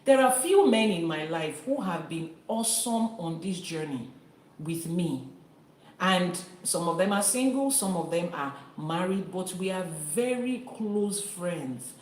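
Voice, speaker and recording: Emphatic Nigerian woman host, low voice. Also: animated, measured pace. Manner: earnest, emphatic, addresses viewers directly. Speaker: Ifa priestess hosting a live stream. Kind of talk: live-stream teaching talk, reading viewer comments. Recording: echoey room.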